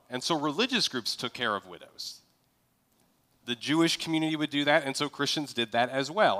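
A man with a bright, forceful voice preaching a sermon in a relaxed, conversational way. He slips into little acted-out exchanges to illustrate his points. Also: mid-range voice. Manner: conversational, acts out sample dialogue. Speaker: pastor.

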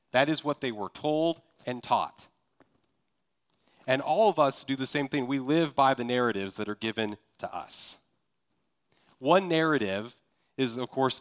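A man from Kansas preaches a sermon in a relaxed, conversational way. He talks to the congregation as if chatting with them and keeps asking rhetorical questions. His voice sits at an ordinary middle pitch. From Kansas, USA. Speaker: pastor.

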